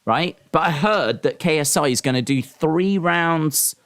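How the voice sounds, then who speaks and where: A man's voice: a little high, expressive, measured pace, fairly bright tone. A man hosting a casual live stream, talking in a rambling, opinionated way with lots of ums and restarts. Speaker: live-stream host reacting to wrestling and boxing.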